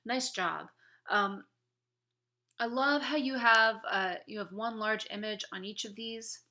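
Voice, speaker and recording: A woman's voice: on the high side, a little slow, bright, forceful tone. A woman instructor giving spoken feedback on a student's presentation, encouraging, with many fillers and restarts.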